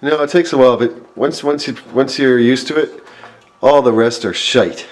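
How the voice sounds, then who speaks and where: A man's voice: mid-range voice, normal speed. A man chatting casually, joking and teasing his friend. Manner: joking, teasing, mock-posh voices. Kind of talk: casual chat. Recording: echoey room.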